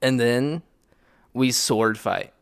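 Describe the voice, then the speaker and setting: A young man with a gravelly, mid-pitched voice co-hosts a casual podcast, laughing and prodding with rambling questions. He sounds a little tipsy, and the recording is dry and close. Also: slow, no echo. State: intoxicated. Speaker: podcast co-host. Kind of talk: casual chat.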